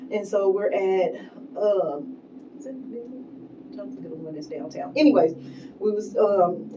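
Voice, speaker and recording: A middle-aged woman, a guest, telling a personal story in a casual way full of likes and ums. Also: on the low side. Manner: casual, filler-heavy, with many likes and ums. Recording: dull, distant sound with faint noise.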